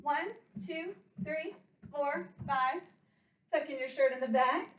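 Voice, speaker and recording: A woman's voice: sits high, slow, a bit bright, a little hiss or hum. A woman, an elementary school PE coach, leading children through a home workout, counting reps aloud and explaining in simple words while a little out of breath. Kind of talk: home workout lesson for kids. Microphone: webcam from across the room. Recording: roomy webcam sound from a distance.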